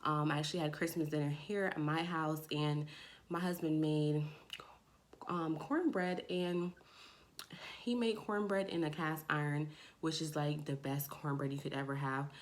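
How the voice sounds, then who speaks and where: Young female vlogger, low-ish natural voice, chatty, acts out quotes. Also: a little slow. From Jamaica. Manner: animated, acts out quoted friends in a raised voice. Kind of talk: casual storytelling to camera.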